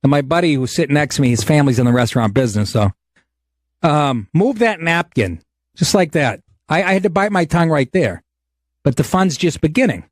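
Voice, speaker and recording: Middle-aged guy ranting on his podcast, swears a lot, bouncy pitch, dry close sound. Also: expressive, a little fast, dry recording. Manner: profane, storytelling with indignant asides. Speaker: podcast host. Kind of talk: comedic rant monologue.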